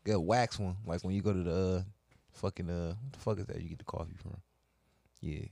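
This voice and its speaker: A man's voice: sits low, fairly quick, gravelly, warm tone, no room sound. A man joking around in casual, crude banter with a friend. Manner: joking, crude banter, breaks into mock Jamaican lines. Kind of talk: casual chat.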